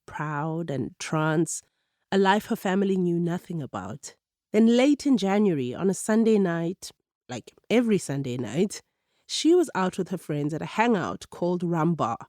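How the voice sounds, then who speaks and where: A woman narrating a radio documentary in a measured, clear storytelling manner. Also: fairly low pitch, animated, mellow, no echo, studio quality.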